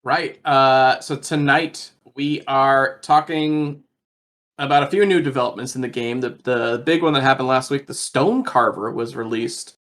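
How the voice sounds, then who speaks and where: A man at a middle pitch co-hosts a relaxed podcast chat. He pauses on fillers and restarts sentences as he works through his points. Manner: hesitant, many fillers and restarts. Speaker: podcast co-host presenting the agenda.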